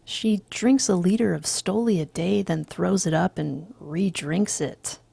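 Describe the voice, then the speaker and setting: Lady doing a gossipy disgusted young rich guy, husky, gravelly. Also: fairly low pitch, a little slow, warm tone, no room sound, heavily acted. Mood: scornful. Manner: scornful, gossipy.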